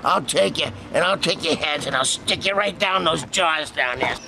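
An actor playing a scraggly, menacing hill-dwelling villain with a Boston accent, snarling threats. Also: male voice, fairly high pitch, normal speed, creaky, background noise.

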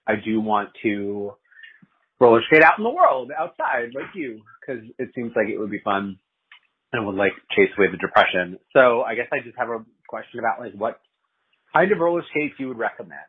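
A man's voice: medium pitch, lively intonation, moderate pace, husky. A man leaving a rambling, laid-back voicemail for a podcast. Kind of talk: casual voicemail message. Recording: dull voicemail recording.

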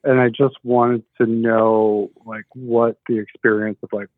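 A man's voice: medium pitch, flat delivery, measured pace, no room sound. A man calling into a radio show, talking thoughtfully and searching for words. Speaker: radio caller. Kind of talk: casual call-in chat. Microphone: telephone. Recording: tinny phone line.

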